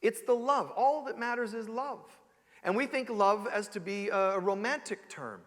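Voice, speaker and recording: A man giving an animated sermon as a spiritual teacher, joking and asking rhetorical questions. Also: sits high, a little slow, long reverb tail. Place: church sanctuary.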